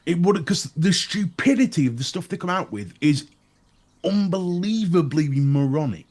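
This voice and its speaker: A man's voice: a little high, expressive, normal speed, a little mellow. A Northern English man co-hosting a casual podcast chat, blunt and sweary, laughing at his own jokes. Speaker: podcast co-host.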